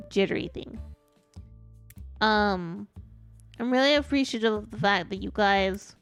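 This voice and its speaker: A woman's voice: medium pitch, fairly bright tone. A woman streamer chatting casually while she plays, her voice stuffed up and congested, rambling and trailing off mid-sentence. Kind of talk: casual gaming stream chat.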